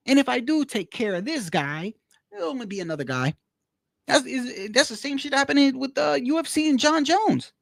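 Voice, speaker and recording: Casual profane male streamer, high voice, dry sound. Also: expressive, moderate pace, gravelly, no echo. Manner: profane, heated, repeats himself. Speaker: boxing commentary streamer. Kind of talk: casual ranting commentary.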